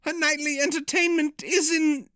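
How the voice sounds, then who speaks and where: A man voicing a croaking, queasy handmaiden. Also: very high voice, flat delivery, pushed and bright, no room sound, studio quality, pitched above the performer's own voice. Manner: queasy, halting speech. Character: croaking, prematurely aged palace handmaiden.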